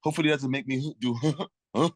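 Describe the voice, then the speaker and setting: A man's voice: mid-range voice, brisk, dry recording. Laid-back swearing male comedian. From Africa. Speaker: guest comedian. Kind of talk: casual chat.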